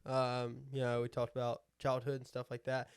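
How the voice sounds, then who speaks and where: Easygoing man, smooth clear voice. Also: medium pitch, completely flat delivery, no echo, clean studio sound. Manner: easygoing, halting with "um" and "uh". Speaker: podcast co-host. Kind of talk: casual chat.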